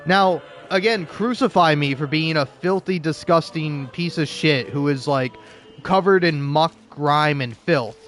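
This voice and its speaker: A gaming video creator with a high-ish, slightly slow, somewhat bright voice. He rambles casually, often restarting, delivering sarcastic and profane commentary and laughing frequently between his points.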